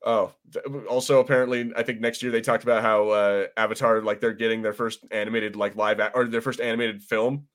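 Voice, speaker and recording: A man's voice: lowish voice, flat delivery, brisk, hardly any pauses, fairly bright tone. A man co-hosting a podcast in casual chat, rambling with many restarts and swearing freely. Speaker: podcast co-host.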